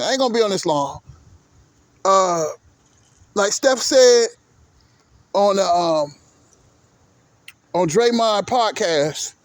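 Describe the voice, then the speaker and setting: A man ranting casually about basketball fans in a profane, animated way, often tagging his points with "right?". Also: extremely high pitch, no echo. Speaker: vlogger, sports commentator. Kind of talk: casual ranting sports talk. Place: sitting at home doing laundry.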